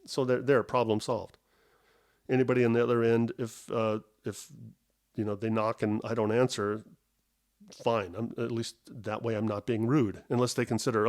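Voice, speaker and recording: Middle-aged male podcast host, mid-pitched voice, rambling wry storyteller. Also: level tone, normal speed, darkish tone. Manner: rambling, self-interrupting, wry and self-mocking. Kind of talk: casual solo podcast storytelling. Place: at home.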